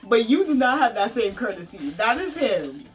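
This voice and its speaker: A woman's voice: fairly high pitch, very animated, moderate pace, soft background music. A woman hosting a couple chat vlog, sarcastic and teasing, laughing often. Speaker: vlog host.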